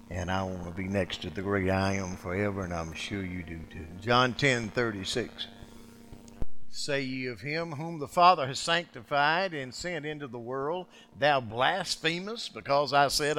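A man preaching a sermon, acting out quoted speech and swinging dramatically from loud outbursts to hushed lines. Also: lowish voice, a little hiss or hum.

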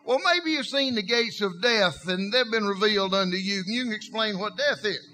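A preacher voicing a stern, questioning God. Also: male voice, high voice, normal speed, pushed and bright, a little hiss or hum. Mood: challenging. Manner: rhetorical, challenging questions.

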